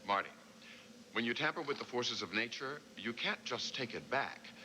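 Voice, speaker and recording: An actor playing a wry heavenly superior who scolds an angel, with dry, deadpan wit. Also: male voice, medium pitch, moderate pace. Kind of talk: 1990s sitcom acting. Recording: noisy, hissy TV recording.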